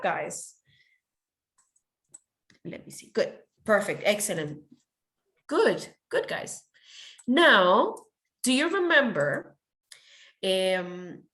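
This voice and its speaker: Casting: woman teacher, encouraging and quick with praise, mid-range voice, runs an online class. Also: mid-range voice, a bit bright. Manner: encouraging, praises often, switches to Spanish. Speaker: English teacher.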